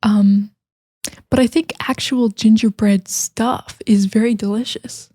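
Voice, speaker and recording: Slow, mellow American woman storyteller. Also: a little high, fairly even intonation, dry recording, clean studio sound. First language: English. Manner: chatty, many fillers, sometimes whispering. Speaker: English teacher. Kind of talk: casual storytelling for learners.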